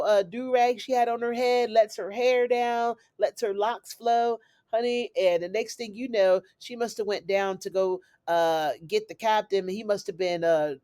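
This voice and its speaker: Lady chatting thru a tv recap, animated, dry close sound. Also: mid-range voice, no echo. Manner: chatty, animated retelling with "honey" and "y'all". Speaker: recap host. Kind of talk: casual TV recap.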